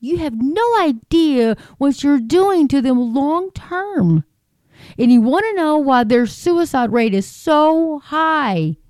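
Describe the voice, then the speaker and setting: Woman, fired-up rant to camera, high-ish mellow voice, dry close sound. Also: dry recording. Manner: heated, repetitive, rhetorical questions. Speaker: commentator. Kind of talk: angry political rant to camera.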